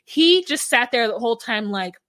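Bright-voiced woman podcast co-host. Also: a little high, expressive, moderate pace, no echo, clean studio sound. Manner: emphatic, full of fillers, opinionated. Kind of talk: casual chat recapping a reality show.

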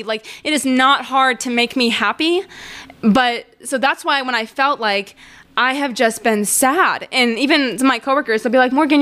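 Chatty young woman, slightly high voice. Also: a bit bright. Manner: rambling and candid, heavy use of "like". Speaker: podcast host. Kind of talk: casual monologue.

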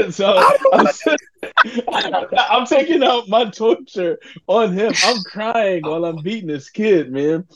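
A man co-hosting a podcast, telling a story in a casual, animated way and laughing through it. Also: high voice, slow pace, heavy background noise. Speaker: podcast co-host. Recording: dull lo-fi sound.

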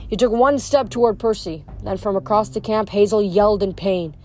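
A woman reading chapters of a novel aloud, measured, with occasional small stumbles over words. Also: medium pitch, dark tone, soft background music. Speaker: audiobook reader.

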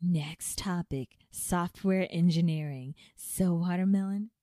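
A woman's voice: lowish voice, slow pace, mellow, no echo. A young woman co-hosting a podcast, teasing and bickering with her sisters in casual chat, close to a studio mic. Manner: bickering, teasing, laughing banter. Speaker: podcast co-host.

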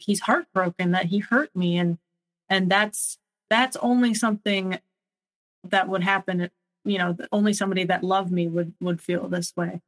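A young adult woman telling her own story in an interview, speaking haltingly with many pauses and restarts. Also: medium pitch, fairly bright tone, poor audio. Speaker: guest sharing her story. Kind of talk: personal testimony interview.

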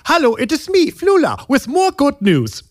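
Goofy infomercial host, really high bouncy voice, music under it. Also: male voice, huge pitch swings, moderate pace, full character voice. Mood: pitchman. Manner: quirky broken phrasing, sing-song pitch man. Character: naive, cheerful German man with mangled English. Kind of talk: mock infomercial and sitcom. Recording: music bed behind.

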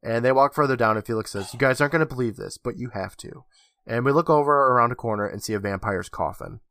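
A man's voice: medium pitch, fast talker, dry recording. Man recapping a show, very dry sound. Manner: animated retelling, acting out lines. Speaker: podcast co-host. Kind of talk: casual episode recap.

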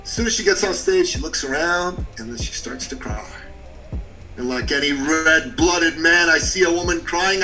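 Bright, forceful man telling a story. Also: high-pitched, moderate pace, recorded from a distance, low-quality recording. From Canada. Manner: animated storyteller, short punchy phrases, drops to a hushed tone for emotional parts. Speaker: business coach and podcast guest. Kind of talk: storytelling on a podcast.

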